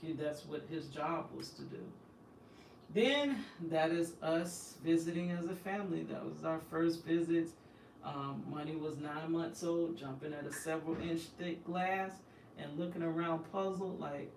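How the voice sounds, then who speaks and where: A woman's voice: low voice, unhurried, a little mellow. Woman venting hard, emphatic, set back from the mic, faint noise behind. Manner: emphatic, impassioned, indignant. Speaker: host. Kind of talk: emotional personal storytelling. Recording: echoey room, distant from the mic, faint background noise.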